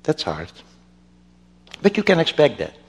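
A male pastor preaching a sermon with slow, emphatic delivery and wide swings in pitch. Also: huge pitch swings. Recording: long reverb of a church hall.

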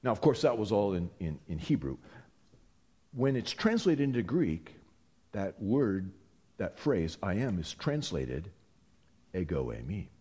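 A man preaching with huge swings of pitch, stressing his words as he goes. He speaks slowly and his voice has a husky edge. He often restarts a phrase before pushing on. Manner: animated and emphatic, with frequent restarts. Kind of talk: sermon.

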